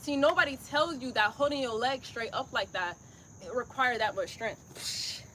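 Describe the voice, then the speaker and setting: A woman's voice: on the high side, normal speed, bright, forceful tone, slight background noise. A woman leading a live yoga class on a phone, chatty and encouraging, talking through her own effort between breath cues. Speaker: yoga instructor.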